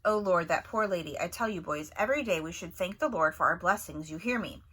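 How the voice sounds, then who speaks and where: A woman's voice: fairly low pitch, brisk, a bit bright, breathy edge. A woman reading aloud and voicing a stern, devout babysitter who scolds the boys. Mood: scolding.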